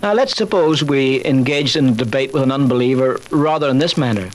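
An older man, a chaplain, giving a measured talk on faith with dry humor and personal stories. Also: medium pitch, slight background noise, rough recording. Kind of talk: recorded talk on faith, told through anecdotes.

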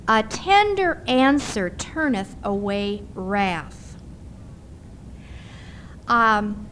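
A middle-aged woman preaching a sermon in a conversational, animated storytelling manner. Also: fairly high pitch, slight background noise.

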